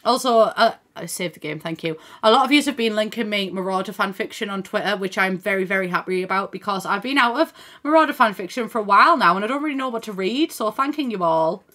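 A woman's voice: medium pitch, expressive, fast talker, few pauses, sharp tone. A young woman chatting casually on a live game stream, thinking aloud, swearing now and then and thanking viewers by name. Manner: swears casually and laughs often. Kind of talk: casual gaming stream chat.

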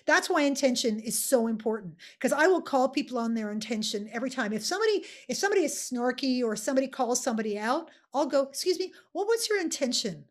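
A woman speaking as an interview guest and coach, talking in an animated, playful way with fast bursts over a video call. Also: high voice. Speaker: guest, swagger coach and author. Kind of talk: casual interview chat.

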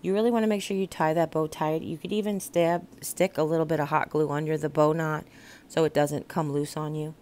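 A woman hosting a craft channel, talking through a do-it-yourself sign project step by step in a chatty, casual way with many pauses and fillers. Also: sits low, fairly even intonation, darkish tone. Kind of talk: casual craft tutorial voice-over.

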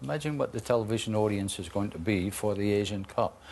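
A man's voice: lowish voice, quick pace, gravelly, a little mellow, slight background noise. A man speaking earnestly as a guest on a football talk show. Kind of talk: studio chat.

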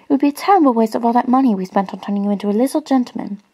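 A woman voicing a prim, fretful Victorian mother in a soft-spoken storybook reading. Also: on the high side, rapid-fire.

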